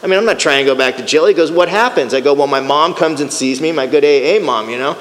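A middle-aged man giving a personal recovery testimony, storytelling in an animated way and acting out the voices of the people in it. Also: fairly high pitch, fast talker. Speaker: recovery speaker. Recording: hall with long reverb.

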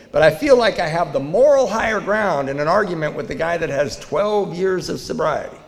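Man sharing his story in a hall. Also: a little high. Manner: candid storytelling, swings from loud to hushed. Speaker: recovery meeting speaker. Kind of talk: personal testimony to a live audience. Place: meeting hall. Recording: reverberant hall.

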